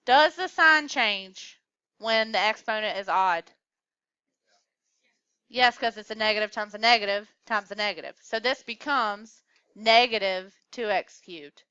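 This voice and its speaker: Bright, clear woman teaching math. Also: mid-range voice, unhurried, dry recording, highs cut off. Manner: coaxing, asks the class questions. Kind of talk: classroom lecture. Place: classroom.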